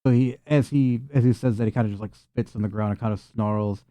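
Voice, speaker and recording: A man runs a tabletop game in a casual, rambling way, often laughing. His tone is mellow and relaxed. The sound is dry and close. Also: on the low side, fairly quick, dry recording. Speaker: game master.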